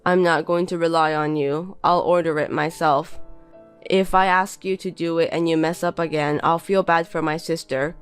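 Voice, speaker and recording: Bossy insulting husband, read by a woman in a lowish voice, cold and belittling. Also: steady tone, normal speed, clean tone, soft background music, close to an everyday voice. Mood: contemptuous. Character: scornful insulting young husband. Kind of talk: reading a text-message story.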